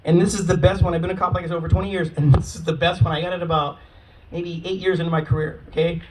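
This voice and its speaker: A man in his forties telling brash, profane stand-up stories in an animated way. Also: fairly high pitch, rapid-fire, background noise. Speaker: stand-up comedian. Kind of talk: stand-up storytelling. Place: live comedy venue. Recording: distant mic with a crowd, comedy club.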